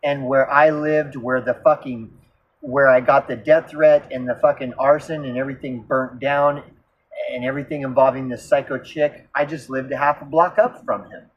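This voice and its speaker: A man's voice: medium pitch, steady tone, normal speed, husky. A man from Oklahoma telling a personal story in a rambling, profane way, often repeating himself. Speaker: vlogger. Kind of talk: casual storytelling monologue. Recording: slightly dull lo-fi recording.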